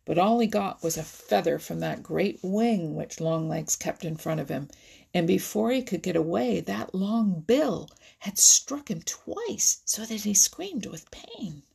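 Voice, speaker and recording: A woman reading a children's animal story aloud, lively and expressive, sometimes dropping to a whisper. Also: on the low side, measured pace, gravelly, breathy edge. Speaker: narrator.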